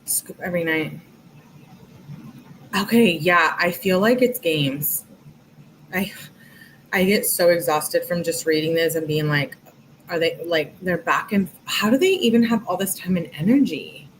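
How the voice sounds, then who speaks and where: A woman hosting a true-crime channel, reading text messages aloud in an even way and adding casual, exasperated asides. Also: lowish voice, a little slow, pauses often, slight background noise, low-quality recording.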